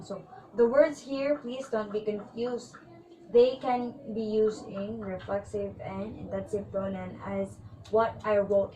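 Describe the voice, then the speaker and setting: A woman's voice: mid-range voice, a little mellow, slight background noise, low-quality recording. A woman teacher giving a grammar lesson to her class, patiently repeating her points and often addressing the class. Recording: music playing under the voice.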